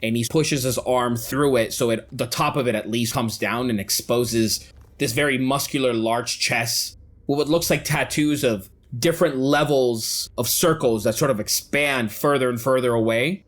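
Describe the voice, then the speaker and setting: A man's voice: mid-range voice, fairly bright tone. Man narrating a tabletop game. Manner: descriptive, measured narration. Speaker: game master.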